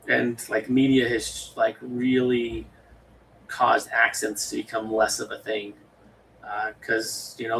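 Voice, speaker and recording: General American man, western US, loose rambling livestream talk, gravelly, slightly distant mic. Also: mid-range voice, a bit bright, slight background noise. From western United States. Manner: rambling, many fillers and restarts. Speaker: livestream host. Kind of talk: casual livestream chat.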